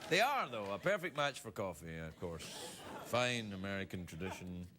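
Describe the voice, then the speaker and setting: A man hosting a late-night talk show, reading viewer emails aloud and riffing on them with animated, mock-indignant comedy. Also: sits low, moderate pace. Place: TV studio with live audience. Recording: loud studio audience, live-broadcast noise.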